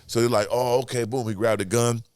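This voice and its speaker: Fast-talking man telling a wild story. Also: mid-range voice, flat delivery, darkish tone, smooth, dry recording, clean studio sound. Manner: profane, vivid, with sound effects and acted-out quotes. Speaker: podcast guest. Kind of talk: animated storytelling.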